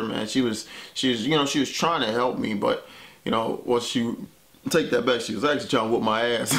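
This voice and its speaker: A young man with a mid-range voice and a gravelly rasp, recounting a personal story straight to the camera. He talks loosely and conversationally, filling his lines with "man" and "you know what I'm saying.". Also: medium pitch, fairly bright tone. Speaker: vlogger.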